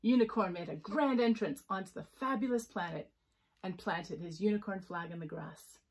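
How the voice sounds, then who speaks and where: A woman's voice: mid-range voice, normal speed, husky, low-quality recording. A woman reading a children's picture book aloud with chatty asides about the pictures. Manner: lively, expressive. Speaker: storyteller.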